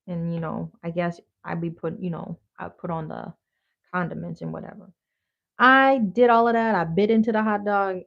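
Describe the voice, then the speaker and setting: Chatty woman with a gravelly voice. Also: lowish voice, normal speed. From Wisconsin. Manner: animated, chatty, blunt. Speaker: vlogger. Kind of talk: casual storytelling. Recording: dull lo-fi audio.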